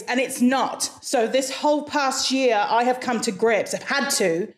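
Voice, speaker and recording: A woman from Hawaii with an English-leaning accent, a guest talking frankly and chattily in a casual interview, often laughing. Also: on the high side.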